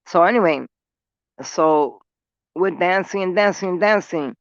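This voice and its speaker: A woman's voice: on the low side, a little slow, pauses often, no echo, highs cut off. Blunt New woman telling stories. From New York City. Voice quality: blunt, profane street talk. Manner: smoking while talking. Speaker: vlogger. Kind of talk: casual storytelling.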